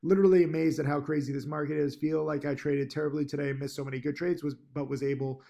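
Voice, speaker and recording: Higher-voiced man rambling to his laptop. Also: flat delivery, fast, gravelly, warm tone. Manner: rambling, lots of ums and restarts; upbeat, pushy encouragement. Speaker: stock trading teacher. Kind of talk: casual talking-to-camera vlog. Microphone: laptop mic.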